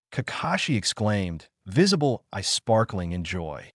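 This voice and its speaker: A man narrating a fan fiction story in a lively reading voice. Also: fairly low pitch, moderate pace, no room sound, studio quality.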